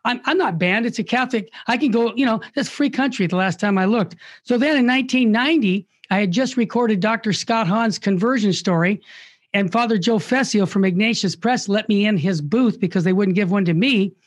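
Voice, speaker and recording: A man's voice: high-pitched, a little fast. Impassioned older man telling stories. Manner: impassioned, acts out quoted voices. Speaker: Catholic radio founder, guest. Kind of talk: animated storytelling interview.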